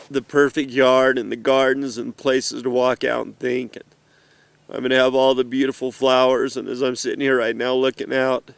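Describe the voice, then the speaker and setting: A middle-aged man gives a heartfelt, halting message to his children while seated outdoors in the mountains. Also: mid-range voice, vocal fry, clean tone, no room sound. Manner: earnest, emotional, halting. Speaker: father addressing his children.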